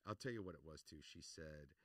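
A middle-aged man with a very low voice recounts stories in a relaxed interview. He repeats his punchlines and laughs along as he talks. His voice sits a little away from the microphone in a dry, dead room. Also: fairly quick, dry recording, far from the mic. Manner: lively anecdotal storyteller, laughs and repeats phrases. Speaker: actor, podcast guest. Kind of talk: casual interview storytelling. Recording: voice somewhat off-mic, dry.

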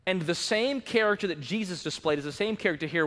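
High, bright-voiced preaching pastor man. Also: fast talker, few pauses, in a large hall. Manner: dynamic preaching, swinging from loud urgency to hushed low emphasis. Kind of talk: sermon. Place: church sanctuary.

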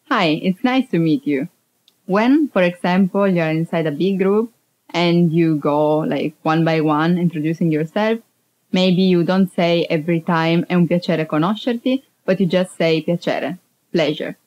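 A young woman with an Italian accent, teaching basic phrases and explaining each slowly in English. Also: lowish voice, lo-fi sound. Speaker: language teacher. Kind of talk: language lesson.

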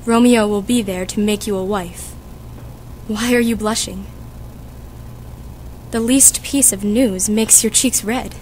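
A woman's voice: medium pitch, steady tone, a little mellow, a little hiss or hum, natural voice. A woman playing a fussy, chatty old nurse who complains and teases, reading for a school audiobook. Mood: fussing. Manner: complaining, teasing, drawn-out.

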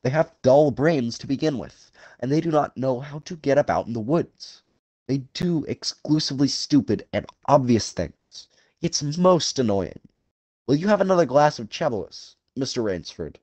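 A man's voice: medium pitch, expressive, darkish tone, no echo, voice pushed up, close to an everyday voice. A man voicing a suave aristocratic male hunter general, cruel and genteel, with a courtly, purring, theatrical delivery, drawing out his phrases. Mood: languid. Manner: drawn-out, relishing phrasing raised above the narrator's voice. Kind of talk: audiobook character voice.

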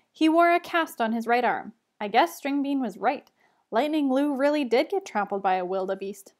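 A woman reads a children's chapter book aloud in an expressive teacher's manner. Her voice sits high and bright.

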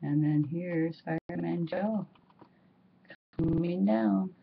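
A woman reading a children's picture book aloud, expressive and drawing out words for effect. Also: fairly low pitch, slow, creaky, slightly rough. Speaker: storybook reader. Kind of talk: children's story read-aloud. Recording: muffled lo-fi recording.

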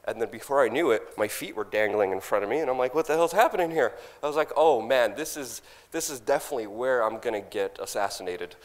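A young man on stage, animatedly telling a story and loudly acting out his own past lines, with laughs in between. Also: fairly low pitch, fast, few pauses. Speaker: speaker at a conference. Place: large conference hall. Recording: long hall reverb.

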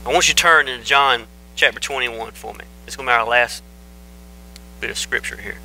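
A man preaches with a sharp, bright, forceful voice. He hammers his points home by repeating short phrases. It is a plain, earnest church sermon. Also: mid-range voice, fairly quick, a little hiss or hum, low-quality recording. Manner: emphatic, repeats phrases for stress. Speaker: pastor.

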